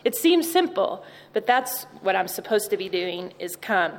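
A woman giving a gentle, reflective devotional chapel talk, repeating her key words. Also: mid-range voice, big pitch swings, normal speed, long reverb tail. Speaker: chapel speaker.

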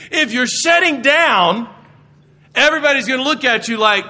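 A man's voice: very high voice, lively intonation, fairly quick, bright, forceful tone. A middle-aged man, a Bible professor, giving a humorous chapel talk from the stage, telling stories and acting out the voices of people he quotes.

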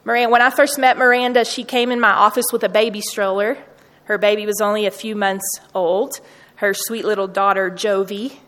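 A woman shares heartfelt personal stories with a room of students, speaking in an earnest, warm-hearted storytelling way. Her voice sits at an ordinary middle pitch and rings with a long reverb, as though she is addressing a large hall. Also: fairly even intonation, brisk. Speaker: university staff speaker.

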